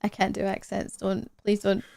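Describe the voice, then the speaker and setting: A woman's voice: mid-range voice, completely flat delivery, moderate pace, creaky, darkish tone, smooth, dry recording, studio quality. A woman streaming a game live, chatting and laughing as she plays. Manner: chatty, laughs often, jokes about her accents. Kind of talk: live gameplay commentary.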